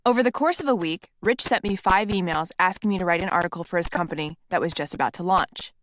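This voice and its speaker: A woman's voice: on the low side, fast, fairly bright tone, a little hiss or hum. A woman reading her own self-help memoir aloud in a candid, conversational way, with blunt swearing. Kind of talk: memoir narration.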